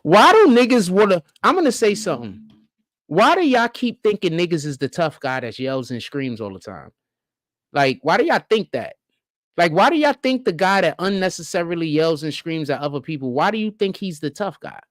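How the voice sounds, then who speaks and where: Lively, profane live-stream commentator. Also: moderate pace, dry recording, studio quality. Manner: rhetorical, keeps asking questions, profane slang; drifts between low mutters and excited high-pitched stretches.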